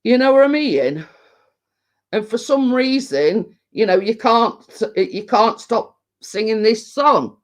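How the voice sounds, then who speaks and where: Male host, slow and meandering, loose and tipsy, casual stream chat. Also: high-pitched, animated. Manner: rambling, halting, many restarts. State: tipsy from home brew. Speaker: livestream host. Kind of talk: casual chat reading viewer comments.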